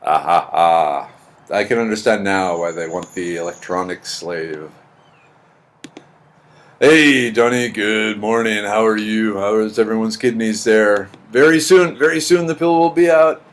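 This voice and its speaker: A man's voice: on the low side, measured pace. A middle-aged man hosting a livestream, chatting casually and answering viewers' comments in a rambling, repetitive way. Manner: chatty, rambling, repeats words. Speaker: livestream host reading chat. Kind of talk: casual chat.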